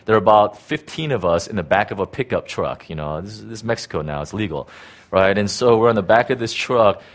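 A man's voice: on the low side, animated, a little fast. A middle-aged man, a pastor, telling a personal story in a casual, rambling sermon with many fillers and restarts.

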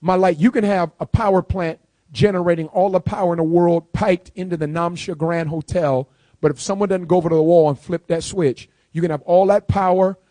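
Guy preaching a sermon, high voice, pretty dry sound, keeps repeating his points for punch, goes quiet then loud. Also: fairly even intonation, fairly quick, no echo. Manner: emphatic, repeats key lines for stress; swings from soft asides to loud declarations. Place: speaking live to a congregation.

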